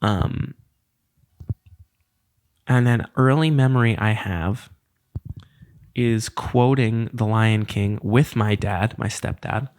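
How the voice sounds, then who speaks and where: A man's voice: lowish voice, slow pace, pauses often, a little mellow. A man around thirty hosting a casual solo podcast, rambling and self-deprecating in a loose, conversational way. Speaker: podcast host.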